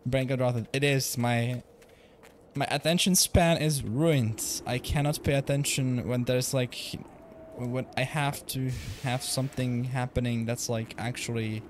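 A man's voice: medium pitch, steady tone, unhurried, background noise. A young man streaming a video game from home, rambling casually, swearing and laughing often. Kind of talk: casual gaming livestream chat.

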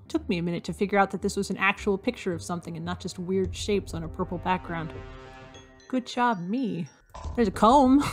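A woman talks her way through a hidden object game, reading out what she's hunting for and cracking little jokes to herself. Her voice has a gravelly, creaky edge, and faint music plays behind her. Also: medium pitch. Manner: chatty, reads item lists aloud, jokes to herself. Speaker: game streamer. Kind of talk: casual gameplay commentary.

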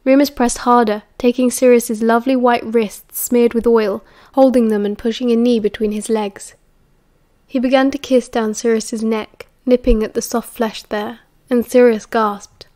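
British woman, steady audiobook narration, higher voice, dry close sound. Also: normal speed, no room sound. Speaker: audiobook reader.

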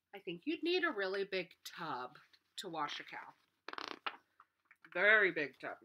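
A young woman teacher reads a picture book aloud to kindergarteners, her voice swooping up and down in a lively sing-song. She speaks slowly and warmly to the kids, and her tone is bright and clear. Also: lowish voice.

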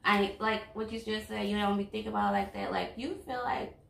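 Bright, gravelly woman. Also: medium pitch, fairly even intonation, fairly quick. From Louisiana. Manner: blunt, outspoken. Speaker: vlog host, girlfriend. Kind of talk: casual couple chat over a meal. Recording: echoey room, mic at a distance.

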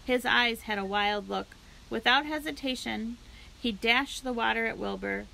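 Woman storyteller, bright, slightly high voice, steady children's book read-aloud. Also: measured pace, gravelly, rough recording. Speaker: library storyteller.

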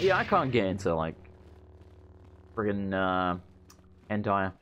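A man's voice: lowish voice, a little slow, pauses often, a little hiss or hum. A man with an Australian accent giving casual, joking let's play commentary while playing a video game. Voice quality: animated, joking, rambling. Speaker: gaming YouTuber.

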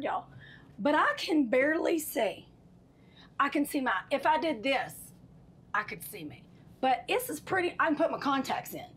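A woman's voice: high-pitched, a bit bright, a little hiss or hum. A woman hosting an RV walkthrough inside a travel trailer, chatty and sassy, calling viewers honey and y'all. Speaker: RV tour host. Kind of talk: enthusiastic walkthrough review.

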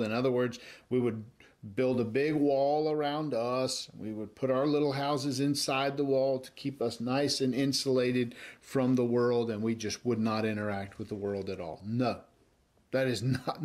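An American man preaching a sermon as pastor, earnest, rising to loud emphasis and dropping to soft, quiet lines. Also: mid-range voice.

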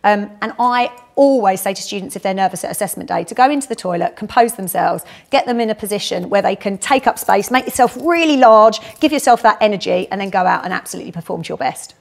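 A woman's voice: mid-range voice, lively intonation, quick pace, gravelly, few pauses. A middle-aged woman with a South London accent, a graduate recruitment head answering interview questions in a chatty, upbeat way. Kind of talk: casual walk-and-talk interview.

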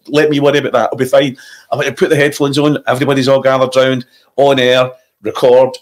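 A Scottish comedian telling an anecdote in casual chat, animated and slipping into impressions. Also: male voice, medium pitch, fast talker. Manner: animated, puts on voices and impressions. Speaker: comedian guest. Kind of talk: casual storytelling.

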